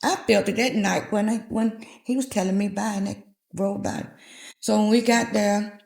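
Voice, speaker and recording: A woman's voice: mid-range voice, fairly even intonation, normal speed, gravelly, darkish tone. A woman in her fifties, a guest telling a personal story and acting out the voices in it. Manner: vivid retelling, acting out quoted dialogue. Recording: echoey room.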